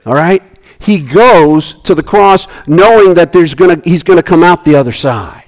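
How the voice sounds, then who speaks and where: Animated man preaching. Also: normal speed. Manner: animated preaching, voices characters with big swings in pitch; repeats and restarts phrases. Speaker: pastor. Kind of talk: sermon.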